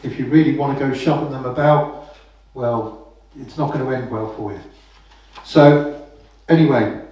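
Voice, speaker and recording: A man's voice: medium pitch, mellow. A man giving a casual, anecdotal talk as a common law speaker, often asking "right?" after his points. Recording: very echoey room, voice from far off the mic.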